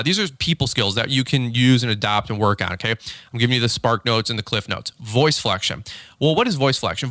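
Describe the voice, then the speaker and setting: A man hosting a podcast, giving casual coaching talk, animated, acting out little dialogues with big pitch swings and often repeating and restarting his words. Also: no echo. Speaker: podcast host.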